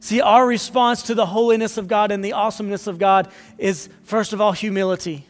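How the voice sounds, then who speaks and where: A man's voice: high voice, steady tone, brisk, hardly any pauses. A man preaching a sermon as pastor, earnest and building to fervent appeals. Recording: long hall reverb.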